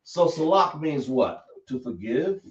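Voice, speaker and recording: A man teaching a class live, explaining slowly and repeating himself as he checks that everyone follows. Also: fairly high pitch, very animated. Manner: slow, repetitive explaining, checking the class often. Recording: echoey room, dull lo-fi sound.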